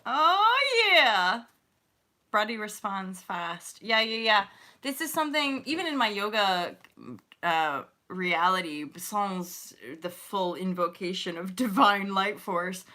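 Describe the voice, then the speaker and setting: Bright, chatty, swearing woman. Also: mid-range voice, measured pace. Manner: chatty, profane, laughs often. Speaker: spiritual coach and livestream host. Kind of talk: casual livestream chat reading comments.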